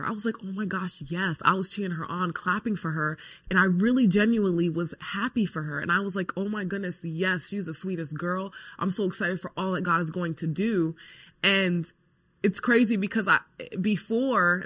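Bright-voiced young woman giving testimony. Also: on the low side. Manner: earnest, storytelling with many fillers. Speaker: host.

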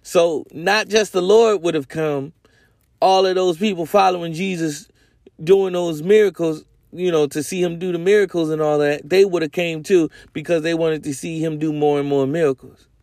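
A man's voice: fairly high pitch, fairly even intonation, a little slow, darkish tone, no room sound, clean studio sound. A man hosting a podcast, teaching the Bible in a casual, rambling way with lots of slang and self-corrections. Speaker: podcast host.

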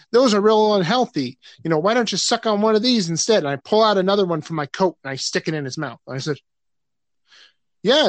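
A man hosting a relaxed chat, walking through a film shoot and quoting what others said. He laughs as he goes. The sound is close and dry. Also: sits high, dry recording. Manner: retelling events with quoted voices, laughing. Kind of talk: casual chat.

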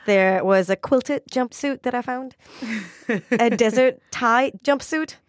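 A woman's voice: on the high side, takes it slowly, no echo, studio quality. A woman, a data reporter talking in a teasing, amused way on a podcast and laughing often. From Germany. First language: German. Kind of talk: conversational podcast segment.

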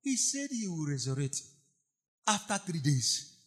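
A pastor preaching with fervor, repeating phrases for emphasis. His voice is high and bright with a husky grain. It leaps between shouted peaks and hushed asides. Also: big pitch swings, measured pace. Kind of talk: impassioned sermon.

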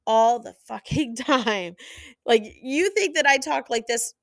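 A woman's voice: on the high side, animated, a little slow, creaky, dry recording, clean studio sound. A woman hosting a podcast, talking with passionate, emphatic energy in a motivational monologue. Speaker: podcast host.

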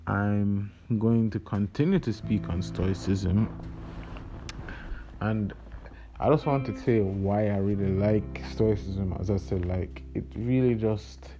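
A man's voice: on the low side, slow pace. A young man raised in Jamaica talks casually as a podcast host, hesitant and full of fillers. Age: young adult. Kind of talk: casual spoken reflection with readings. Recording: dull lo-fi recording over guitar music. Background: plucked guitar music.

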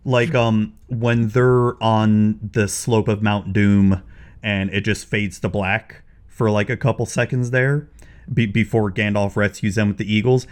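Casual chat, man with a lowish voice, blunt and opinionated, swears freely. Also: little pitch movement, a little slow.

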